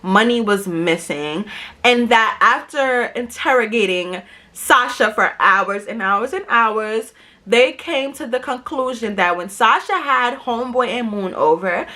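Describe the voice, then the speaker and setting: A woman's voice: on the high side, expressive, measured pace, bright, forceful tone. A young woman telling a storytime vlog in a casual, slangy, emphatic way, acting out quotes and swearing for emphasis. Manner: profane, emphatic asides. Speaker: vlogger.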